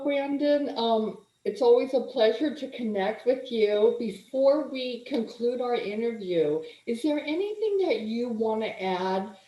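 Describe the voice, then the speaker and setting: A woman, a magazine publisher, hosting an interview and speaking slowly and graciously with encouraging remarks. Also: a little high, warm tone. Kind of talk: interview host. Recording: dull, echoey remote audio.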